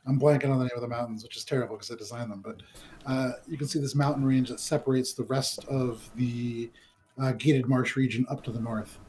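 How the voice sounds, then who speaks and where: A man's voice: mid-range voice, fairly quick, a little hiss or hum. Casual male game master narrating. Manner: relaxed storyteller, frequent ums and kind ofs. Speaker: dungeon master.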